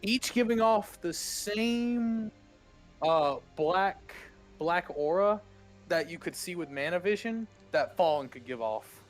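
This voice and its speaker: A man narrating as game master of a tabletop role-playing game, halting along with fillers and small chuckles. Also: sits high, animated, faint music behind.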